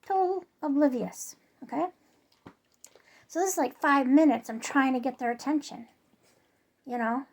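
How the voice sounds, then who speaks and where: A woman's voice: high voice, moderate pace, creaky, pauses often. A woman casually telling a story to her viewers in a chatty, rambling way, full of fillers and restarts. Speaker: vlogger.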